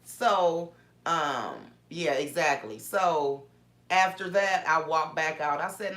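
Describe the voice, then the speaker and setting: A woman's voice: low voice, expressive, slow, a bit bright. A woman vlogger telling a story in a casual, indignant way, with many restarts. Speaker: small business owner vlogger. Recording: roomy echo.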